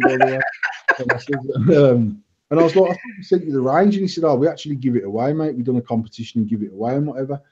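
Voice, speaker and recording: Here a vape company owner who hosts a casual banter show spins lively, blunt tales full of swearing. His voice is mid-range with a breathy edge, heard through dull lo-fi live stream audio.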